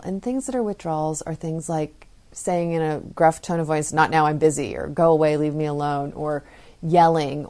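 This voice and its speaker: A woman hosting a parenting podcast, giving a gentle, encouraging pep talk. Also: deep voice, vocal fry.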